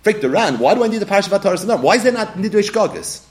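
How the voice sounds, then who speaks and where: A man teaching a Talmud lecture, animated, acting out little scenes and laughing often. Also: high voice, racing. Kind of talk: yeshiva-style Talmud lecture.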